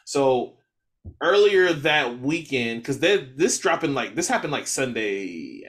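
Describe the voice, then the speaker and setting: A man's voice: medium pitch, unhurried. A man co-hosting a casual podcast chat, laid-back and full of slang, recapping news for listeners. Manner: animated, laid-back slang, quotes others. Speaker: podcast co-host.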